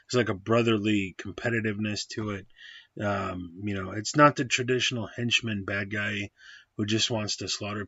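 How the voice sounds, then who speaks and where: A low-pitched, husky man talks through a movie review in a loose, rambling way, correcting himself and swearing bluntly. The recording is dry and slightly dull, like a lo-fi home setup. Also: a bit bright, dry recording. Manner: rambling, digressive, with frequent fillers and self-corrections; blunt and profane. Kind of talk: casual spoken movie review.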